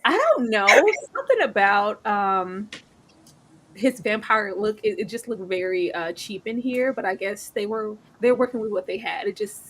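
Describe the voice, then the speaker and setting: A woman co-hosting a casual TV recap discussion, animated and laughing, jumping high in pitch when she quotes the characters. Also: normal speed, slight background noise. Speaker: podcast co-host.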